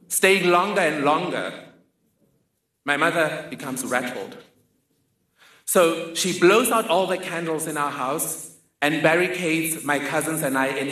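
A man's voice: fairly high pitch, sharp tone. A man telling a funny, vivid personal story in a talk. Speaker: speaker. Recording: roomy echoing hall.

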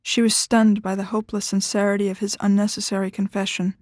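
A woman reading a fiction story aloud in a steady, measured narration. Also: medium pitch, no echo, clean studio sound. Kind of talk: scripted narration.

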